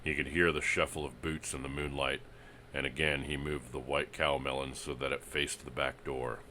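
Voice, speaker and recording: A man narrating a pulp western story in a steady, dramatic reading. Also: rumbling low, normal speed, slight background noise.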